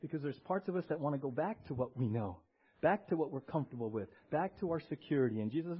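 Man, pastor, sermon, a bit high-pitched, keeps asking "right?", muffled lo-fi sound. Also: lively intonation, fast, breathy edge. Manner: conversational, tags lines with "right?" and has the congregation respond. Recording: dull lo-fi recording.

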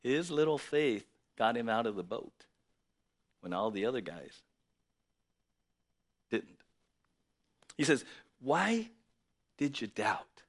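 A man preaching a sermon in an animated, conversational way, often asking rhetorical questions. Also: medium pitch, slow, pauses often. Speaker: pastor.

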